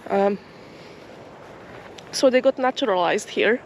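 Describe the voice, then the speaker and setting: Soft-spoken woman rambling outdoors. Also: mid-range voice, slow, a little hiss or hum. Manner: soft, musing, slightly hesitant. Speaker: vlogger. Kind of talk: casual outdoor vlog narration. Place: outdoors in a field near a forest.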